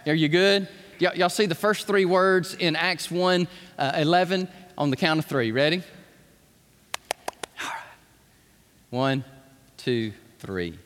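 A man preaching a sermon to his congregation, swinging from hushed asides to shouts and asking them to speak along. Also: a little high, slow, pauses often, a little hiss or hum. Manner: animated, shifting from hushed to shouting, calls on the congregation. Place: church sanctuary. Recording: long hall reverb.

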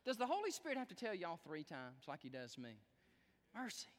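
Animated preacher with a high, lively voice. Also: male voice, brisk, in a large hall. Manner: animated storytelling, talks directly to the congregation. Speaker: pastor. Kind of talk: sermon.

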